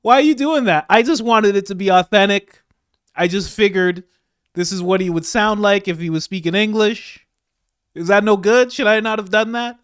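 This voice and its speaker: A man putting on a sheepish, high-pitched woman interpreter. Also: normal speed, clean tone, no echo, clean studio sound, close to an everyday voice. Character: flustered woman interpreter, apologetic and earnest.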